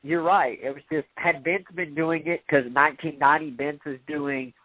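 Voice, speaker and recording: A man's voice: on the high side, fairly even intonation, normal speed, dry recording. A man co-hosting a casual radio talk show, telling stories in a rambling way and correcting himself as he goes. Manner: rambling, self-correcting storyteller. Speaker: podcast co-host. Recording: tinny phone-like radio audio.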